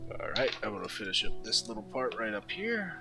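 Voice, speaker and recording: A man's voice: mid-range voice, big pitch swings, fairly quick, creaky, over music, low-quality recording. A young man telling a story while drawing, rambling and laughing often, full of fillers and restarts. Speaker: artist streaming while drawing.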